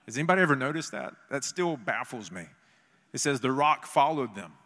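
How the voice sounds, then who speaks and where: A man preaching a sermon in an animated way, acting out voices from scripture. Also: mid-range voice, a little fast. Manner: animated, acts out biblical voices. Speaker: pastor. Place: church meeting in a gym. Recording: long hall reverb.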